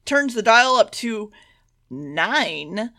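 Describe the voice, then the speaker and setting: A woman's voice: a little high, bright, forceful tone. A woman co-hosting a podcast who recaps an episode's plot flippantly and with swearing. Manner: flippant, sweary recap with quick voiced quotes. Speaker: podcast co-host.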